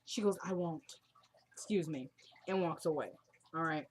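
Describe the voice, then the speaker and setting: A woman's voice: sits low, moderate pace, a little mellow, a little hiss or hum. A young woman casually recapping a TV drama episode, retelling scenes and quoting the characters in a chatty way.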